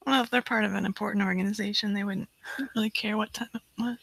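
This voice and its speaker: Gravelly, bright-toned co-host. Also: mid-range voice, steady tone, fast, no echo, rough recording. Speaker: prank show co-host. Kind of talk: casual live-show banter.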